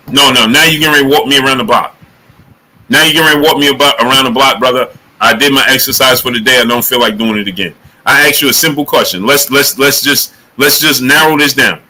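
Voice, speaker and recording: A man's voice: medium pitch, husky, rough recording. A man hosting a live boxing talk stream, greeting chat viewers by name and pressing them with the same question again and again. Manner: energetic, emphatic, repeats questions. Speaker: boxing show host.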